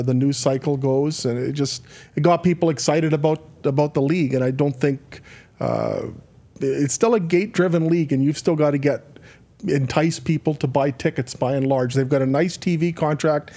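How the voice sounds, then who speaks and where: A man analyzes football on sports talk radio in a careful, measured tone. He often restarts his phrases as he thinks, and his voice sits at a middling pitch. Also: warm tone.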